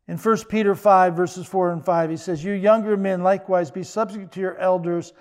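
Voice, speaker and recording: Older guy preaching, high voice, chatty and joking. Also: a little mellow. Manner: conversational, joking asides. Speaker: pastor. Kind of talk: sermon.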